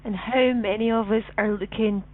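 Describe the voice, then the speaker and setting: A woman's voice: on the high side, steady tone, normal speed. A woman with a Scottish accent co-hosting a radio talk show, speaking frankly and emphatically. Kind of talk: casual chat. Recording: tinny phone-line sound.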